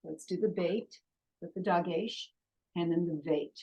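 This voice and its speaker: Woman, patient classroom teacher, lower voice, very measured pace, drills sounds one by one. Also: husky, highs cut off. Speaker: Hebrew teacher. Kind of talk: classroom lesson, reading out vowels and letters. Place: classroom with a board.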